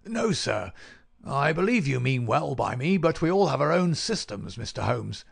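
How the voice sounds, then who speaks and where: A man's voice: mid-range voice, big pitch swings, normal speed, creaky, breathy edge, voice pushed up, exaggerated voice. A man voicing a shrewd, stubborn police inspector who speaks in guarded, sly replies.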